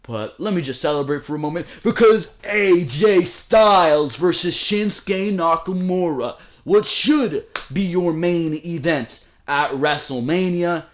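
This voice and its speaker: A young man giving a casual, excitable wrestling review from home, repeating lines for emphasis and calling the listener "bro". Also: a little high.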